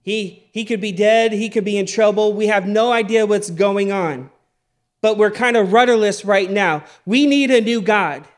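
Guy doing fretful crowd voice, rushing, kinda high and worried. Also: lightly acted. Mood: anxious. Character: anxious crowd of wanderers.

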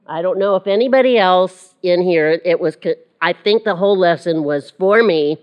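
A woman's voice: fairly low pitch, normal speed, muffled recording. A woman teaching a church Bible lesson in a chatty, self-deprecating way, with frequent laughter. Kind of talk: casual teaching to a class.

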